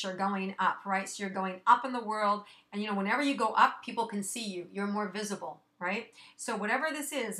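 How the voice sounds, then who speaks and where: Woman host with a bright, clear voice, casual and encouraging, a little out of breath, speaking to viewers directly. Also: medium pitch. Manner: chatty, reassuring, many fillers. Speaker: astrology forecaster. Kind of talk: casual monthly astrology forecast.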